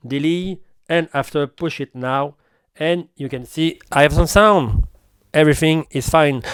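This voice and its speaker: Man, smooth and dry. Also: on the high side, no room sound. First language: French. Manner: halting non-native English with restarts. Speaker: gear reviewer. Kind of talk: product demo walkthrough.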